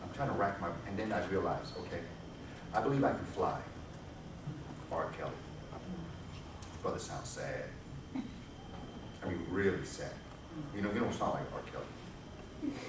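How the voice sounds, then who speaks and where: A man's voice: deep voice, expressive, normal speed, pauses often, distant mic. A man giving a public lecture to an audience, emphatic and preacher-like, driving his points home with repetition. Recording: echoey hall, recorded from afar, noisy.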